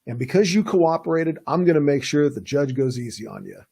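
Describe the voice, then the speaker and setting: A man's voice: a little high, animated, a little fast, gravelly, warm tone, husky, exaggerated voice. A man voicing a coaxing police interrogator who pretends to be the suspect's friend. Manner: coaxing, reassuring. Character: smooth, falsely friendly male police interrogator.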